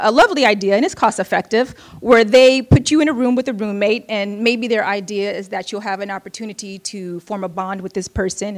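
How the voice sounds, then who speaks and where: Wry, self-mocking woman storyteller. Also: medium pitch. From Oakland, United States. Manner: wry and candid, laughing at herself, quick asides. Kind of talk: personal storytelling to an audience.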